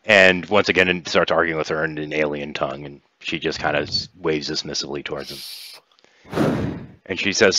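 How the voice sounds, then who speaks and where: A man narrating as game master of a tabletop role-playing game, telling the story in an animated way. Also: rumbling low, a little fast, no room sound, dull audio.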